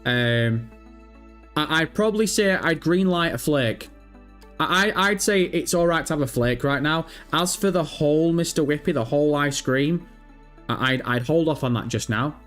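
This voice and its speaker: A man's voice: fairly high pitch, expressive, normal speed, fairly bright tone, soft background music. A man hosting a live stream, casually chatting and reading out viewer messages with self-mocking, sweary banter. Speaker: livestream host.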